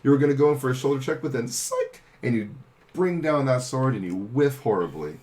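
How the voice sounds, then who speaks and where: A man's voice: medium pitch, lively intonation, fairly quick, a little mellow. A young man narrating as game master of a tabletop game, loose and chatty with many fillers.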